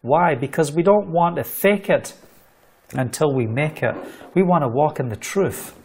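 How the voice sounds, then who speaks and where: A man's voice: a little high, lively intonation, measured pace, a little mellow, slightly rough. A middle-aged man preaching a livestreamed sermon, fervent and storytelling, repeating phrases for emphasis.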